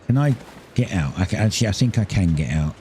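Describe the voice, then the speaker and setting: A low-voiced man chats his way through a building game, explaining each step as he goes and often stopping to correct himself. His talk is loose and unscripted, with a faint hiss of background noise under the voice. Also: lively intonation, fast talker, dark tone. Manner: rambling, self-correcting, explains building steps. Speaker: gaming streamer. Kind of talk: casual gameplay commentary.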